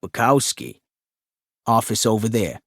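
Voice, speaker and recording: A man's voice: fairly low pitch, sing-song, unhurried, no room sound, studio quality, full character voice. Man reading a brusque desk clerk, offhand and clipped, audiobook. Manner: curt, dismissive. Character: offhand American male office worker.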